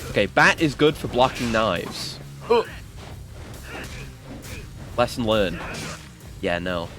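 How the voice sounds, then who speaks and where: Brief: male game streamer, unhurried casual commentary that breaks into yelps and swearing at the game, faint music underneath. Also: fairly low pitch, very animated. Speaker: gaming streamer. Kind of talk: casual let's-play commentary.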